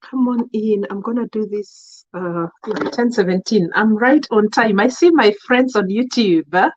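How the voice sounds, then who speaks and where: She's an adult Kenyan-accented live-streamer who greets her audience by name and shares her views emphatically in blended English and Swahili. Her mid-range voice is a little mellow and measured in pace, captured on dull audio with a slight hiss or hum.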